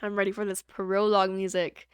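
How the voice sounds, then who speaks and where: A woman's voice: medium pitch, level tone, fairly quick, clear, resonant tone, no room sound, studio quality. A woman streaming a video game, chatting casually in a giggly, rambling, playful way into a USB microphone at home. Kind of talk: casual gameplay chat.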